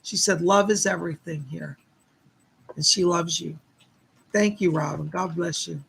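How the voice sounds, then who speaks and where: A man hosting live psychic readings, chatting to viewers and relaying spirit messages with a steady stream of "she said". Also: high-pitched, moderate pace, gravelly, long pauses, slightly rough. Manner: warm thanks to viewers for donations.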